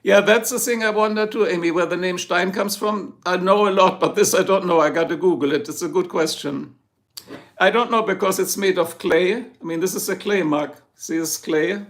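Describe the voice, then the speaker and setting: Gravelly German man hosting a live chat. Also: sits high, moderate pace, a bit bright. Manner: chatty, joking, greets viewers by name. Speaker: livestream host. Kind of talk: casual live chat reading comments. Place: home in Ohio.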